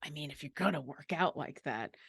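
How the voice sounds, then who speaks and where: A woman chatting casually on a livestream while painting miniatures, playful and full of quick asides. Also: low voice, expressive, a bit bright, slightly rough, no room sound. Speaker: mini painting teacher.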